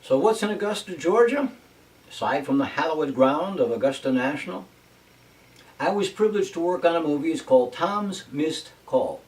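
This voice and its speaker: A man's voice: on the high side, lively intonation, normal speed, a little mellow. A man hosting a personal video update as an actor, chatty with wry asides. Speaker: vlog host and actor. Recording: voice from a distance off mic.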